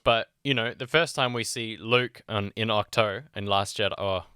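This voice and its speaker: A man's voice: lowish voice, moderate pace, bright, forceful tone, smooth, no room sound, studio quality. A man co-hosting a podcast in casual chat, rambling and leaning on "like" and "you know". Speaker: podcast co-host.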